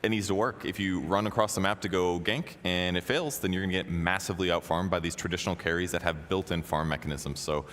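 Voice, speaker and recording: Measured male analyst, low voice, hall reverb, faint hiss. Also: fairly bright tone. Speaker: esports analyst. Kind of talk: analyst desk talk. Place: convention center stage.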